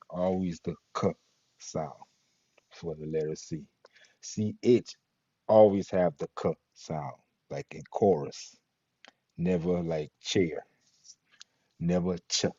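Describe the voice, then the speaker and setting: A man teaching Latin pronunciation, patiently spelling out letters and sounds with a husky voice. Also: low-pitched, warm tone, no echo. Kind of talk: pronunciation lesson. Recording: dull lo-fi recording.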